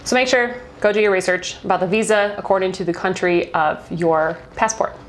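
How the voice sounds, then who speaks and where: A woman's voice: mid-range voice, fairly even intonation, a little fast, a little hiss or hum. A young American woman giving a casual travel guide as a vlogger, chatty and upbeat, laughing between points. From United States.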